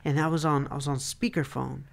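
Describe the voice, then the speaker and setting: Gravelly-voiced man in his thirties. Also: fairly high pitch, fairly quick. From Atlanta, Georgia. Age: 30s. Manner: animated and excitable, lots of "like". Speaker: guest, motivational speaker. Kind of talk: casual storytelling in conversation.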